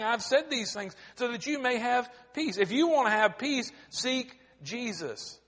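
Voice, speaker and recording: Guy preaching a sermon, pretty high voice, long echo off the church walls, slows down then gets loud. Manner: preaching with dramatic pauses, rising to emphatic cries. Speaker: pastor. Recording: long hall reverb.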